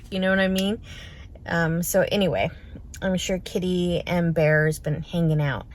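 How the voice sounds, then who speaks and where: A woman's voice: lowish voice, fairly even intonation, unhurried, slight background noise. A middle-aged woman vlogging in a casual, chatty way, laughing between thoughts. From United States. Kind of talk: casual vlog chat. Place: pharmacy store.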